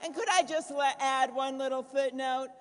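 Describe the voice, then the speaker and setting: A woman's voice: high-pitched, fairly even intonation. Rousing woman politician in an echoing hall. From Minnesota, USA. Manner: rousing, punchy applause lines with a repeated refrain, shifting to brisk anecdote. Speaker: senator giving a keynote. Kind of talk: political fundraiser dinner speech. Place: large banquet hall. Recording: reverberant hall sound.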